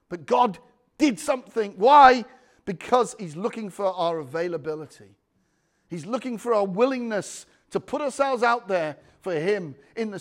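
A man preaching a sermon, telling a personal testimony with frequent restarts and calls for amen. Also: high-pitched. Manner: anecdotal, restarts often, calls for amens.

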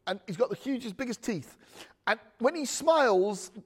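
Chatty high-voiced preacher man. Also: expressive, moderate pace, slightly rough. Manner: chatty, jokey preaching with asides. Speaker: pastor. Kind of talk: sermon.

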